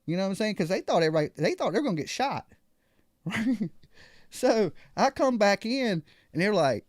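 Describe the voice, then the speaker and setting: A man's voice: sits high, very animated, normal speed, no echo, clean studio sound. A man hosting a live call-in show, telling a story casually and acting out other people's lines.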